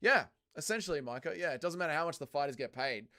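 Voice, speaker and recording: A man's voice: fairly high pitch, expressive, fast, sharp tone. A man hosting a casual livestream, reading viewer comments aloud and answering them in a loose, profane way. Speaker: livestream host reading chat.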